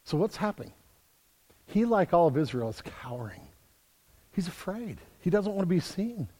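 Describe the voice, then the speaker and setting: A high-voiced man preaches with energy, doubling back on his words as he drives each point home. His voice carries a long reverb, as if filling a large church sanctuary. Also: normal speed. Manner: energetic, repeats words while building emphasis. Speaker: pastor. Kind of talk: sermon.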